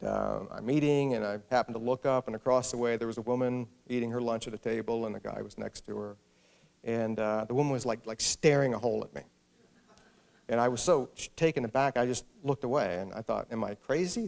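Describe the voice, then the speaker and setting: Author at a library talk, male, gravelly voice, humorous storyteller. Casting note. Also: medium pitch, darkish tone. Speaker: author speaking at a library event. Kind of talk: public talk with anecdote. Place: public library hall.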